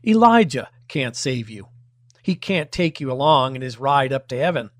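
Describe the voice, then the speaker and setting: A man preaching a sermon, measured and emphatic, with pointed rhetorical questions. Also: medium pitch, big pitch swings, no room sound, clean studio sound. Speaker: pastor.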